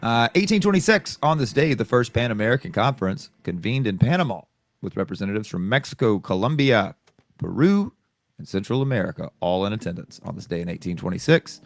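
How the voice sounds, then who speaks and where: A man's voice: on the low side, very animated, a little fast. A man co-hosting a casual podcast, reading this day's history items with chatty asides. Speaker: podcast co-host. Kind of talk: casual chat.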